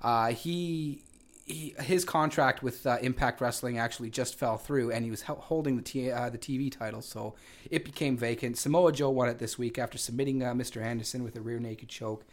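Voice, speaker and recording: A man's voice: mid-range voice, fairly quick. A man co-hosting a casual wrestling radio show, recapping the week's events with lots of fillers and restarts. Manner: rambling with frequent fillers and restarts. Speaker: co-host.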